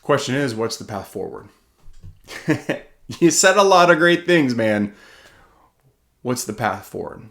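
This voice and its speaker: A man giving a heartfelt motivational talk as an author, earnest and self-questioning, his voice swinging from loud and pressing to hushed and slow. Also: mid-range voice, sing-song, gravelly.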